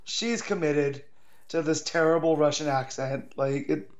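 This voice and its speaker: A man's voice: fairly high pitch, unhurried. A man co-hosting a podcast, chiming in with wry quips about a TV episode. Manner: wry quipping asides. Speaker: podcast co-host. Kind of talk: casual TV review chat. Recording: muffled lo-fi audio.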